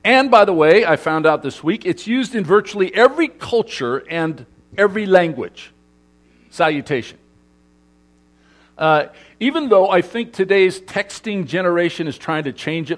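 Animated man joking with an audience. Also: fairly high pitch. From Southern California. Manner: playful, asks the audience questions and jokes with them. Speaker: speaker addressing a congregation. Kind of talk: lively talk to a live audience.

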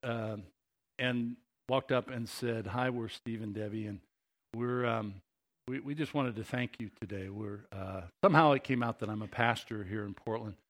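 A man's voice: mid-range voice, normal speed. A man preaching a sermon as pastor, talking conversationally and building to impassioned emphasis.

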